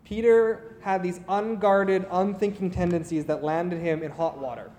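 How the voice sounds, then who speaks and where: A man delivers a sermon, telling stories in an earnest, conversational way. His voice sits high, and it rings out in a roomy hall with a long, trailing reverb. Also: steady tone, normal speed, a little mellow. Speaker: preacher.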